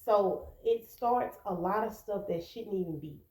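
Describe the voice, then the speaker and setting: A woman's voice: medium pitch, unhurried, a little mellow, reverberant, poor audio. A woman vlogger talking to camera, giving earnest relationship advice and acting out quoted arguments. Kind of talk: casual advice talk to camera.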